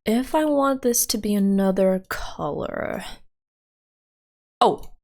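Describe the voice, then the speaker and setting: A woman's voice: mid-range voice, slow pace, darkish tone. A woman streamer chatting casually and thinking aloud as she works, with frequent giggles and fillers. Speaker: livestreamer. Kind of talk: casual livestream chat.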